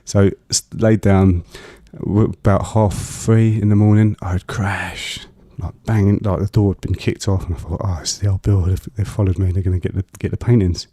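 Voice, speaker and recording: A deep-voiced man speaks in a low, even tone that barely rises or falls. His story comes out halting, full of fillers and restarts. The sound is close and dry. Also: no room sound. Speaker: guest. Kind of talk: personal storytelling in an interview.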